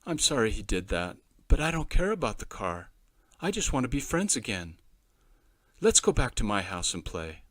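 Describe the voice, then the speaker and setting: A man reading a children's storybook, voicing a young boy with a raised, loud boyish voice. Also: mid-range voice, sing-song, moderate pace, no echo. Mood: gentle pleading. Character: young boy, hurt but forgiving.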